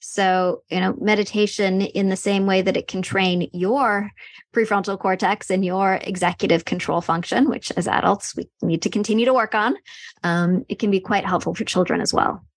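Female podcast guest, clear explainer, lightly animated delivery, dry recording. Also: medium pitch, normal speed, dry recording. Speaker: guest expert on meditation.

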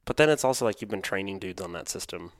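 A podcast co-host in casual chat, blunt and deadpan, swearing freely. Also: male voice, sits low, quick pace, dry recording.

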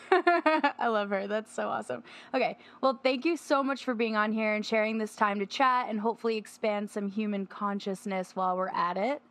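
A woman's voice: mid-range voice, moderate pace, a bit bright. Upbeat woman podcast host. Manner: upbeat, gushing. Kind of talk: casual interview.

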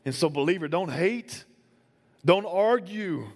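A man's voice: high-pitched, normal speed. A man preaching a sermon as a pastor, in a casual, conversational way with many fillers. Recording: long hall reverb.

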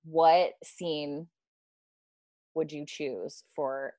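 A woman hosting a casual fan discussion, animated and acting out lines she quotes, with plenty of fillers. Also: sits low, extremely slow, no echo. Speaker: podcast host.

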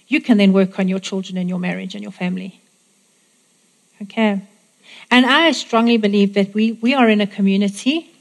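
A woman preaching a sermon, praying and declaring blessings over the congregation with emphatic repetition. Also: mid-range voice. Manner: warm, declaring and emphatic, repeating phrases.

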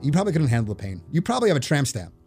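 A young man talks quickly and casually on a podcast, swearing freely as he tells an animated story. Faint music plays beneath him. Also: fairly high pitch. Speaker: podcast co-host. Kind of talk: casual chat.

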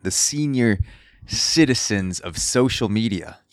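Unhurried and expressive, a man with a lowish voice runs a casual solo podcast from his apartment in a city building, loosely and profanely discussing the news. Drilling from construction sounds outside, and there's no echo.

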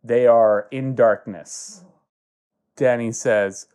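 Man, slow deliberate improv storyteller, mellow tone. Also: mid-range voice, smooth. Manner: slow, halting narration with many pauses.

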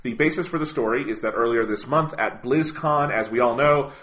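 Man, podcast co-host, casual chat, bright voice, animated, swears a lot. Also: mid-range voice, fairly quick. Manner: animated, swears freely, lots of "like" and "you know".

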